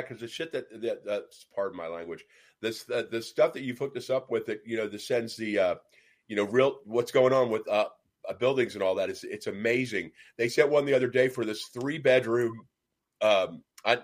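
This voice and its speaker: A man's voice: fairly low pitch, normal speed. A man in a casual chat, chiming in with short reactions and hesitating with fillers.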